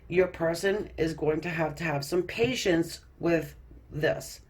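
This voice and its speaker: A woman's voice: deep voice, unhurried, darkish tone. A woman giving a casual tarot card reading, chatty and loose, laughing often and restarting her sentences. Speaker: tarot reader.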